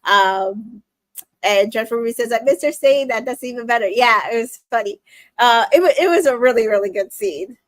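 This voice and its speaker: A woman's voice: fairly high pitch, normal speed, no echo. A young adult woman casually recapping a reality show, retelling scenes with quoted lines, many fillers and small laughs. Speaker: recap host.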